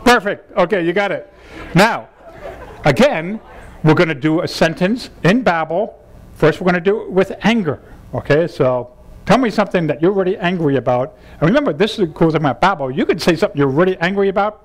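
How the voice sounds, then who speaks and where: A man leads a humorous workshop in a seminar room. His voice sits high and swoops all over the place as he jokes and laughs. He coaxes the audience through exercises over a wired mic. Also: animated, brisk, a faint crowd. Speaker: seminar leader.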